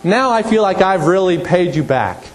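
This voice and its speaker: Brief: man acting a guilty servant, sheepish and earnest, a bit higher. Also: animated, normal speed, rough recording.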